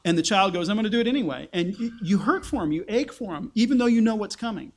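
A man's voice: sits high, animated, fast talker, a little mellow. A man preaching a conversational Bible-teaching sermon, asking his listeners rhetorical questions.

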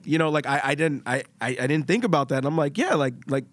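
Man podcast co-host, earnest storyteller, higher voice, dry close mic. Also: very animated, moderate pace, a bit bright, no echo. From Puerto Rico. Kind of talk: casual discussion.

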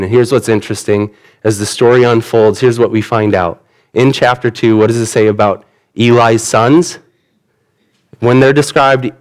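A man preaching a sermon in an earnest, conversational way, retelling the story in everyday words. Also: mid-range voice. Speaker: pastor.

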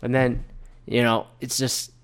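A man's voice: medium pitch, little pitch movement, a little slow, clean tone. A man ranting casually about the news, heated and rambling, swearing often and mimicking other people. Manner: mimics others in quoted asides. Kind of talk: casual rant on current events.

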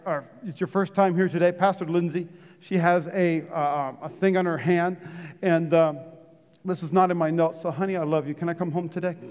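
Animated male pastor preaching in a hall. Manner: animated, swings from loud punchy lines to hushed low ones; chatty, jokes with the congregation. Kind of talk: sermon. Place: church sanctuary. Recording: long reverb of a big hall.

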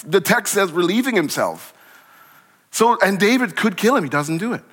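Male pastor, high bright voice, lively conversational sermon delivery, long church-hall reverb. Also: moderate pace. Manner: animated, conversational preaching with acted-out dialogue. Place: church sanctuary.

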